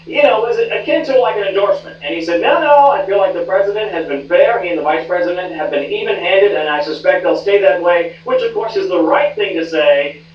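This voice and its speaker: A man's voice: high-pitched, a little fast, a little hiss or hum. A man reporting as a television news correspondent, chatty and wry. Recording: dull, roomy, distant rebroadcast.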